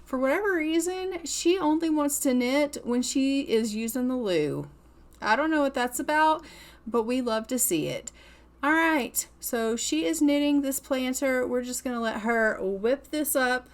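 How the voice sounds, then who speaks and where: A woman's voice: high-pitched, animated, measured pace. A young woman giving chatty, playful commentary on a life-simulation game and cheering her character on. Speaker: gaming channel host. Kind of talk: casual gameplay commentary.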